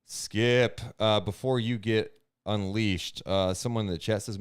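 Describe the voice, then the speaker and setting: A man's voice: on the low side, steady tone, unhurried, smooth. A man co-hosting a live podcast chat, playful and emphatic, with a young-adult voice. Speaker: podcast co-host.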